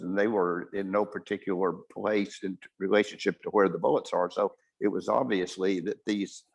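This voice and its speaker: A low-voiced male surgeon recounts a patient's story during a webinar. His delivery is halting, with frequent restarts and self-corrections.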